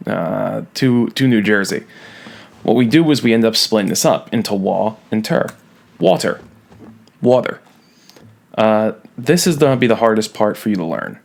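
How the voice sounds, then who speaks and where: A man's voice: on the low side, vocal fry. A man teaching a recorded lesson, playful and jokey, leaning hard on key words. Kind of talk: recorded classroom lecture.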